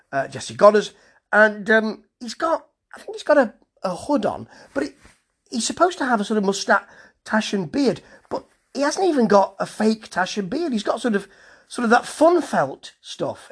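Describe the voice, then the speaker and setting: Husky reviewer with dry asides. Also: medium pitch. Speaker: wrestling show reviewer. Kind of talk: casual spoken review.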